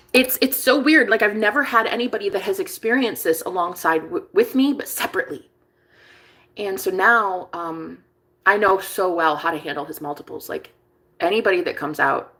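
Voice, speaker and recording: Chatty woman, swearing freely. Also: medium pitch. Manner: chatty, swearing, restarts, swings from hushed to excited. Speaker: vlogger and manifestation coach. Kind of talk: casual confessional monologue.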